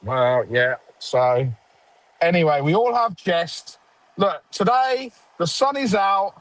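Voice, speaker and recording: Sarcastic high-voiced fan host. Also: male voice, animated, takes it slowly, fairly bright tone, no room sound, low-quality recording. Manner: sarcastic, mocking, grumbling. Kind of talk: casual football fan chat.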